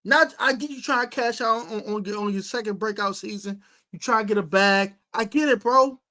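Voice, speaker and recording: Loud outbursts alternate with low muttering as this sports podcast host delivers a slang-filled, scolding rant on a live stream. She sounds exasperated and keeps a moderate pace.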